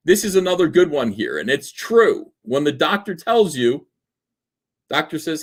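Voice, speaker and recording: Male stream host, loose jokey rambler, full of "uh"s, very animated intonation. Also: a little high, normal speed. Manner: rambling, jokey, filler-heavy. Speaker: livestream host. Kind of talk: casual livestream chat.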